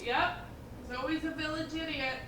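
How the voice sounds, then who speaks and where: A woman in her twenties chatting casually, telling lively stories full of fillers and quoted voices. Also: high voice, normal speed, reverberant, noisy background. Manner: animated storytelling with many fillers and quoted voices. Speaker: storyteller in casual chat. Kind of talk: casual chat.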